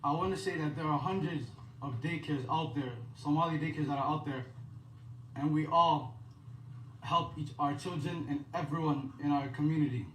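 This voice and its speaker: A man speaking as a daycare spokesperson, giving an earnest prepared statement in measured, halting phrases. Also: a little high, fairly bright tone. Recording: roomy echo, distant mic, faint background hum.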